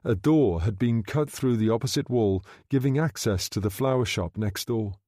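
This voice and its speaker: In a clean studio recording with no room sound, a man with a mid-range voice narrates an audiobook. His reading is steady and measured.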